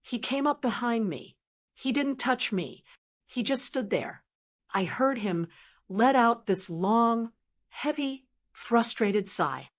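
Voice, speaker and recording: A woman's voice: on the high side, lively intonation, slow pace. Older woman telling a story. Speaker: narrator. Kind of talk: scripted first-person story narration.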